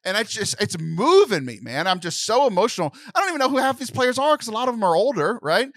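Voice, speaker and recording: A man's voice: high-pitched, big pitch swings, quick pace, a bit bright, dry recording. A young man co-hosting a podcast in casual chat, emotional and close to tears, rambling with many restarts. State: tearful. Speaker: podcast co-host.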